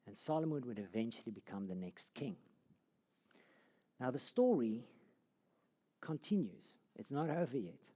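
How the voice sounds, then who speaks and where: A man's voice: on the low side, darkish tone. A man teaching a Bible course, telling the story dramatically and sinking to a near whisper at key moments. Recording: long hall reverb.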